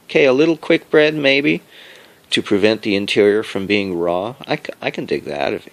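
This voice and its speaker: A man giving a rambling personal monologue about his home cooking and health. He is halting and digressive, repeats himself often, and chuckles as he goes. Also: deep voice, a bit bright. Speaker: home cook sharing health updates.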